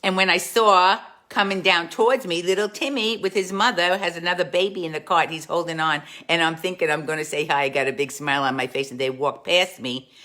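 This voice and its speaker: A woman playing a warm, gossipy aunt who hosts a live stream, chatting to viewers and calling them dolls. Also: lowish voice, fairly even intonation, brisk, few pauses. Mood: chatty storytelling. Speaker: comic host. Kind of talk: live-stream storytelling in character.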